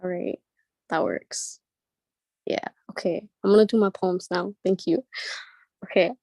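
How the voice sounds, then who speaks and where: A woman's voice: lowish voice, measured pace, gravelly, mellow, no echo. Nervous, giggly spoken word poet, a woman. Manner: giggly, nervous and self-deprecating between poems. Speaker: featured poet. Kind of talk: nervous banter then spoken word poetry. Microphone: video call.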